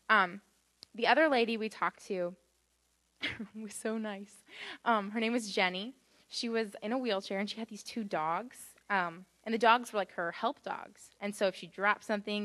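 A woman's voice: mid-range voice, a little fast. A young woman telling a story in a casual, rambling way, full of fillers and quoted dialogue. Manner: grows excited and laughing in a funny anecdote. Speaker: church volunteer sharing a story.

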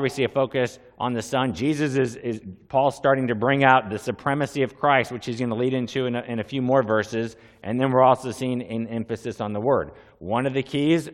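Earnest male pastor in a reverberant hall. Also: medium pitch. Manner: earnest, conversational preaching with asides and repeated questions. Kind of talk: sermon with opening prayer.

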